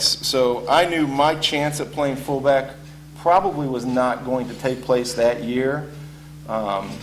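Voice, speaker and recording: A former college football player telling a casual story with lots of ums and uhs. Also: male voice, mid-range voice. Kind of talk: spoken anecdote to an audience. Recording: echoey room with faint hum.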